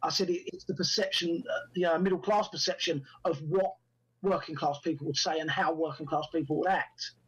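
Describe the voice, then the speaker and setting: A man's voice: on the high side, a little fast, lo-fi sound. A man, telling stories from his acting career in an interview and acting out the lines people said to him. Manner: animated anecdotes, acts out quoted dialogue. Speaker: actor and writer guest. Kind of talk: storytelling in a podcast interview.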